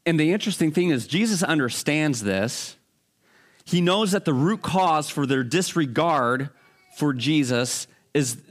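Male preacher, mid-high voice, chatty teaching sermon, loose and unscripted delivery. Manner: conversational, with fillers and restarts.

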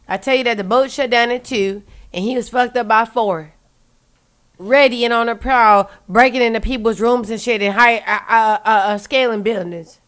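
A woman joins in to retell a story. She speaks emphatically, swears often and leans on the word literally. Her voice is fairly high, smooth and clear. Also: fairly bright tone. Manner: emphatic, profane, repeats "literally". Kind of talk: casual storytelling chat.

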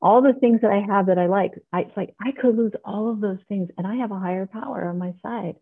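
This middle-aged woman talks briskly in a mid-range voice as she earnestly shares her personal story at a recovery meeting. She's on a video call, so the sound is thin and tinny.

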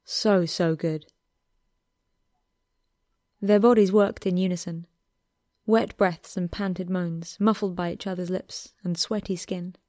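Story narrator: a woman reading aloud, slow and even, dry close mic. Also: lowish voice, no echo. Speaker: reader. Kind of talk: reading fan fiction aloud.

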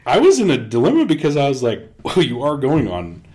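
A man co-hosting a podcast, telling hunting stories in casual chat and acting out quotes with an animated, delivery. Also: medium pitch, brisk. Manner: animated storyteller, acts out quotes. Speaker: podcast co-host.

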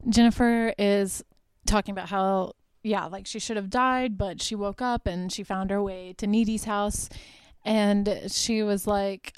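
Woman podcaster, chatty and irreverent, swears casually; smooth voice, dry close sound. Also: medium pitch, steady tone, a little slow, a little mellow, dry recording. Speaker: podcast host. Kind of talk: casual solo movie recap.

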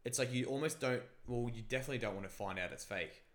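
A man's voice: mid-range voice, quick pace. A man in casual chat, animatedly telling a story and musing about whether reality is fake. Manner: animated storyteller, acts out voices.

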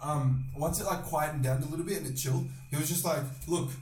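A young man hosting a podcast, telling a long rambling story with lots of swearing and loudly acted-out quotes. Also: fairly high pitch, quick pace, soft background music. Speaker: podcast host. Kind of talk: casual storytelling chat. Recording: echoey room, distant mic.

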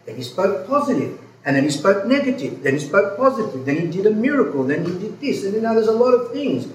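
Earnest priest in an echoey room. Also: male voice, sits high, sing-song, fast. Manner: earnest, emphatic, repeats points, rambling asides. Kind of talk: pastoral talk answering a listener. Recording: echoey room, distant mic, faint noise.

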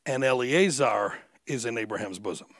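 A man preaching an animated sermon with humor, acting out the voices of figures he quotes. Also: medium pitch, normal speed, dry recording. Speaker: guest preacher.

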